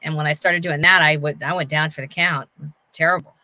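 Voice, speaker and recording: A woman co-hosting an interview, chatting sympathetically and agreeing quickly with her guest. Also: deep voice, fairly even intonation, sharp tone, poor audio. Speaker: co-host. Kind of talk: casual interview chat.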